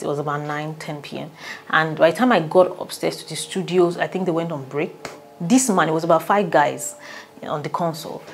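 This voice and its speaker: A Nigerian woman, a relationship coach, telling a personal story in an animated way and often breaking into laughter. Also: sits low.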